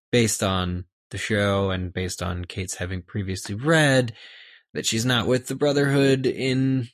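A man's voice: lowish voice, no room sound, clean studio sound. A man co-hosting a casual book discussion podcast, who reads passages aloud and restarts his sentences often. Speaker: podcast co-host.

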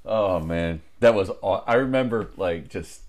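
A man's voice: low voice, measured pace, a little mellow. A man in casual chat, laid-back and chuckling, swearing freely as he recalls old times.

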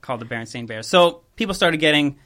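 Bright-voiced young man telling a story. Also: on the high side, expressive, fast. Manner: laid-back storytelling, chuckles and trails off. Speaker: podcast host. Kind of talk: casual chat.

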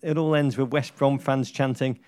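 A man's voice: medium pitch, fairly even intonation, normal speed, darkish tone, no room sound. A man co-hosting a comic football podcast, speaking in florid, theatrical phrases. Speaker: podcast co-host.

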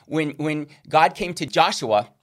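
A man's voice: on the high side, expressive, a little slow. A man teaching a recorded Christian course lesson, earnest and checking in with listeners with a frequent "okay?".

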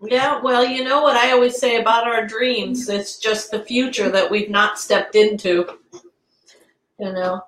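A woman co-hosting a casual online chat, warm and quick to tears. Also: fairly high pitch, steady tone, slight background noise. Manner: warm, tearful, laughs easily. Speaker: co-host. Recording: echoey room.

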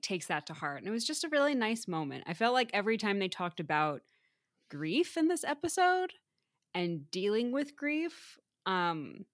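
A woman's voice: mid-range voice, dry recording, studio quality. A woman co-hosting a podcast, chatting about a TV episode with eager agreement and easy laughter. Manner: enthusiastic, quick agreeing, laughs easily. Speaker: podcast co-host. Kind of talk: casual recap chat.

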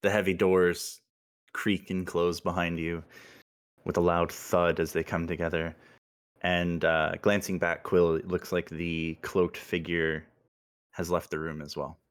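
A man's voice: low voice, level tone, a little slow. A man narrating a tabletop role-playing game as game master, with descriptive scene-setting and laughing asides.

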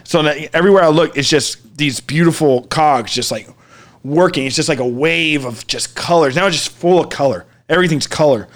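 A man in casual conversation, telling a long story with animated shouts and acted-out voices of the people in it. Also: on the high side, fairly quick. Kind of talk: casual podcast chat.

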